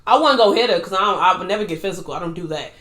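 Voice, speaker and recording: A woman's voice: on the low side, rapid-fire, a bit bright, echoey room. A woman co-hosting a podcast in casual chat, blunt and emphatic. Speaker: podcast co-host.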